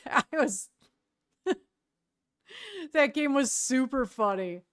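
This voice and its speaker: A woman's voice: high voice, drawn-out words, no echo. Chatty woman streamer, dry close sound. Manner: relaxed, chatty, laughs often. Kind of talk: casual chat with viewers.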